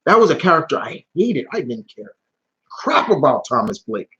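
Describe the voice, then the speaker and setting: A man's voice: a little high, big pitch swings, normal speed, a bit bright, husky. A young man hosting a live Q&A stream in casual talk, blunt and heated, swearing often and restarting his sentences. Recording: dull lo-fi stream audio.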